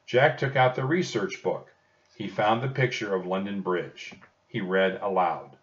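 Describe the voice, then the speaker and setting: A man narrating a children's storybook audiobook in a slow, expressive storytelling manner. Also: lowish voice. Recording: dull distant recording.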